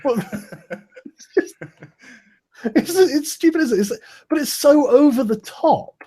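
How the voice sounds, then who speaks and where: A man's voice: extremely high pitch, lively intonation, slow pace, mellow. A man in casual, profane podcast chat, laughing often and mocking with sarcastic put-on quotes.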